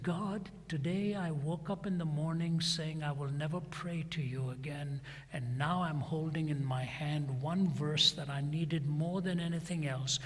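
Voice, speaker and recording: Husky male preacher in a reverberant hall. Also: a little high, moderate pace, hardly any pauses, fairly bright tone. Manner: retells a dialogue, acting out both sides. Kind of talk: sermon storytelling.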